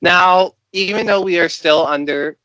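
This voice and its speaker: Enthusiastic host with a fairly high voice. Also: male voice, measured pace, sharp tone, no echo, poor audio. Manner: enthusiastic, asks long winding questions. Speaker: interview host. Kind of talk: casual interview.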